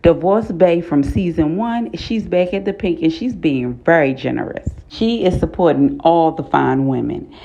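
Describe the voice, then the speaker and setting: Woman recapping a show, low and mellow voice, animated, blunt and profane; dull lo-fi recording. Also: moderate pace, gravelly, a little hiss or hum. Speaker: TV recap vlogger. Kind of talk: casual episode recap.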